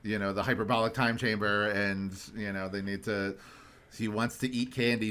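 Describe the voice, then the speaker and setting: Animated ranting male podcast host. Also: lowish voice, normal speed. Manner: animated ranting, swears for emphasis. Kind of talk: casual podcast chat.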